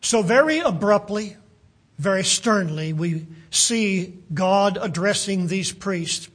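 Slow, breathy-voiced preacher. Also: male voice, sits high, expressive, a bit bright. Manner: earnest, deliberate, dropping to a near-whisper for emphasis. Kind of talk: sermon.

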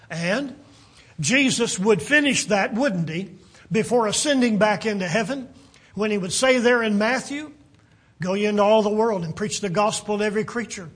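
A man preaching a sermon in an earnest, deliberate way, at times dropping almost to a whisper to stress a point. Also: high voice, animated, husky.

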